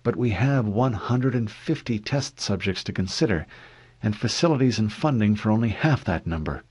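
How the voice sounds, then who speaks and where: Brief: man reading a detached woman scientist, measured and firm, slightly raised pitch. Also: lively intonation, breathy edge. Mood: clinical. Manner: measured, clinical, quietly firm. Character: cool, guarded female scientist, middle-aged.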